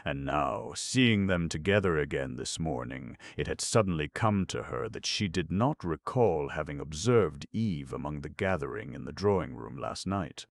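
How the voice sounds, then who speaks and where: A man narrating a comic novel as an audiobook in a measured storytelling manner. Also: a bass voice, animated, gravelly, dry recording. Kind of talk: scripted narration.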